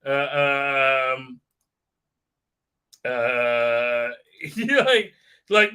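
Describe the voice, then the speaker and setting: A man's voice: a little high, unhurried, pushed and bright. A man recapping a show on a live stream, mocking it and acting out the characters in silly voices, with many fillers.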